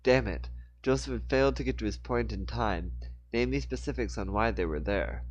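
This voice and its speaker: A man's voice: lowish voice, brisk, dull audio, soft background music. A man reading a novel aloud informally, sometimes stumbling and correcting himself. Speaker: audiobook reader. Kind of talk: casual book reading aloud.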